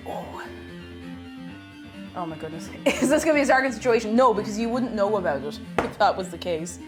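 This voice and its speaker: A woman's voice: mid-range voice, expressive, a little fast, music in the background. A woman chatting casually on a cooking live stream, reading chat aloud and laughing often.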